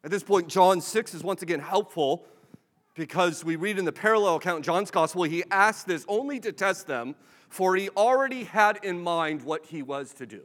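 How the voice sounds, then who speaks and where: A male preacher delivers a sermon in an easy, conversational way, with gentle humor and little acted-out exchanges. His voice sits a touch high for a man. The sound carries a long reverb, as in a church hall. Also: animated, moderate pace. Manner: conversational, humorous, acts out dialogue.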